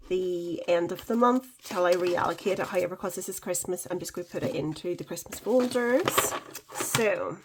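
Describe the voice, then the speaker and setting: A woman talks through her cash budgeting in a relaxed, chatty way, counting notes out loud and catching her own slips. Her voice sits at a middling pitch. A faint hiss of noise runs under the recording. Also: low-quality recording. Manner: chatty, counts money aloud, self-correcting. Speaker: budgeting vlogger. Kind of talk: casual cash-stuffing vlog.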